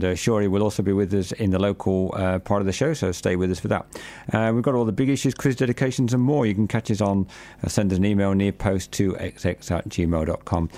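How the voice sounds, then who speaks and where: Male host, lowish voice, casual football radio banter with plenty of fillers. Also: dark tone. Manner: chatty, with many fillers and restarts. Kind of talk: community radio football chat. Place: radio studio.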